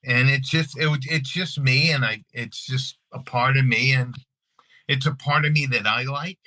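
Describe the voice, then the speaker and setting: A middle-aged man from Long Island with a New York accent, an actor telling stories in a casual interview, animated and repeating his words as he acts out scenes. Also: mid-range voice, moderate pace, no room sound, low-quality recording. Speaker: actor and guest.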